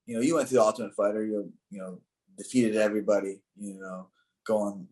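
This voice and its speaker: On a casual podcast, a man who's a fighter co-hosts, bantering easily and talking loosely with plenty of filler words. His voice is fairly low with a darkish tone, and the recording quality is poor.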